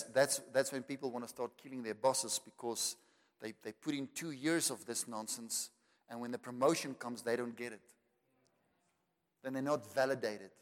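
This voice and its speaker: A South African man preaching a sermon with emphasis, repeating words for effect and building to loud declarations. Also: medium pitch. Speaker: pastor. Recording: long reverb of a large hall.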